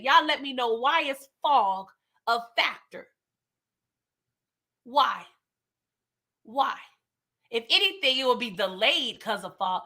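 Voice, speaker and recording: Lady doing a live tv recap, bright sharp voice, kinda high, animated, reads out the characters' lines. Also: slow pace, pauses often. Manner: animated, talks to chat, acts out characters' lines. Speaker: TV show recap host. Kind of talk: casual live-streamed episode recap.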